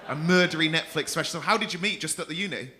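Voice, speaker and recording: A man's voice: fairly high pitch, fast, bright, forceful tone. A man with a Mancunian accent doing stand-up crowd work in a comedy club, teasing audience members with a lot of swearing and laughing through his own jokes. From North West England.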